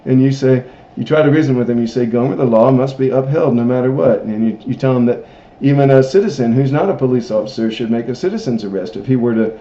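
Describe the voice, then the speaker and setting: Man doing a low, drawling small-town sheriff, calm and unhurried, roomy lo-fi sound. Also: natural voice. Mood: patient recounting. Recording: roomy, dull lo-fi recording.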